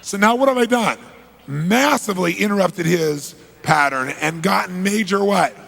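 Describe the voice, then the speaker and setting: A middle-aged man telling a story to an audience in an animated way, dropping to low asides and breaking into loud bursts. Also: normal speed, creaky.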